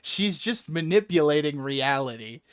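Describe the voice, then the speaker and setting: A man's voice: a little high, animated, moderate pace, clean tone, dry recording, clean studio sound, natural voice. A man voicing a smug, know-it-all male sorcerer, dismissive and matter-of-fact.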